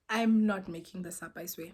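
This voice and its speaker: A young woman tells a story from her own life in a relaxed, chatty way. Her breathy voice sits at a middle pitch. She drops to soft near-whispers, then rises sharply when she acts out what people said. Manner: animated, swings between soft near-whispers and loud exclaimed quotes. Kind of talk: casual storytime.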